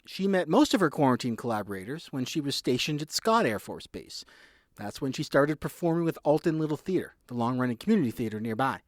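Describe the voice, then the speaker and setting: A man reporting a scripted radio news feature in a lively, measured delivery. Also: medium pitch, no echo, studio quality.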